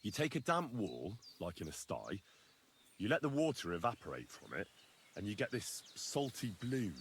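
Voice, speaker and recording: A man's voice: lowish voice, wildly swooping pitch, normal speed, slight background noise. A man voicing an earnest, polite young blacksmith's son turned knight in a video game. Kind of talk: game character dialogue.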